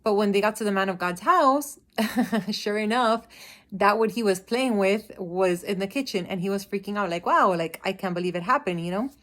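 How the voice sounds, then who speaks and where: A woman speaking at an ordinary middle pitch, chatting to her viewers about scripture she has been reading. She retells the stories loosely and with amusement, leaning on "like" and "you know" as she goes. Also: moderate pace. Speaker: vlogger sharing Bible reading. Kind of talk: casual Bible commentary vlog.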